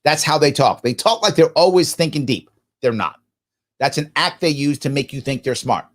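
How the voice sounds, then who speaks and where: A man hosts a live political talk show, his voice on the high side and his pace moderate. Reading viewer comments aloud, he replies emphatically, regularly asking questions only to answer them himself. He comes across as animated, with jokey asides sprinkled throughout.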